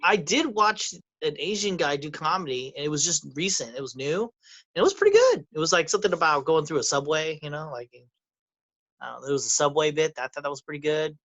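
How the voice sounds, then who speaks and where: A man's voice: on the high side, lively intonation, a little fast, a bit bright, no room sound, lo-fi sound. A young man co-hosting a podcast in casual chat, rambling and swearing, acting out quotes in a raised voice. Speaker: podcast co-host.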